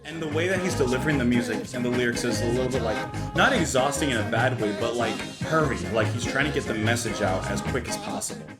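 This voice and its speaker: A man's voice: mid-range voice, fast, hardly any pauses, over loud music. Chatty man musing in an echoey room. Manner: chatty and thoughtful, musing aloud. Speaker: music reaction reviewer. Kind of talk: casual reaction commentary.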